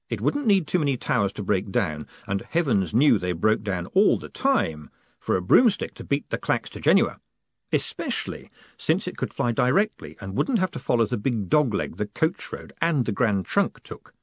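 A man narrating a story in a husky voice with a lively, rolling pitch and a dry, wry delivery. The recording is dry and slightly dull, with no room sound. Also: dry recording. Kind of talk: audiobook narration. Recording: dull, dry studio read.

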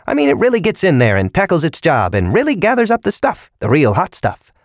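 A man's voice: a little high, huge pitch swings, fairly quick, no room sound, clean studio sound, voice pushed up. A man voicing a cheerful, oozing middle-aged male fly operator who rambles on eagerly like a salesman.

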